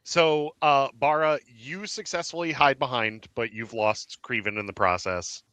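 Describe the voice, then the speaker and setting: A man narrating as game master of a tabletop game, theatrical and fond of shouted sound effects. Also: medium pitch, measured pace, clean tone, no echo.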